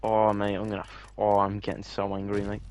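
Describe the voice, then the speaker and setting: A man's voice: fairly low pitch, monotone, a little fast, a little hiss or hum. A young man swearing and teasing a friend while they play a fighting game together. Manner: sweary, teasing, says mate constantly. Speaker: gamer. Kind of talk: casual gaming banter.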